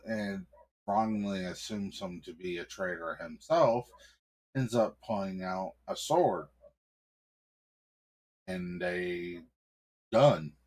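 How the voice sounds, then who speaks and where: Slow, deep-voiced male storyteller. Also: a little mellow. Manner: casual, halting, full of ums. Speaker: streamer and storyteller. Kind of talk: improvised storytelling.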